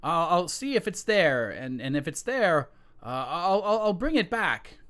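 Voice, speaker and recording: A man's voice: a little high, big pitch swings, a little slow, a bit bright, voice pushed up. A man voicing a nervous young son who stammers out excuses to cover his theft. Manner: stammering, placating.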